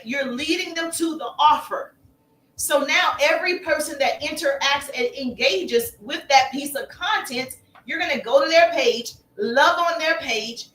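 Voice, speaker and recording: Energetic woman business coach, high and sharp, motivational live-stream delivery in a roomy space. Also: slight background noise. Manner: energetic, repetitive, calls listeners baby.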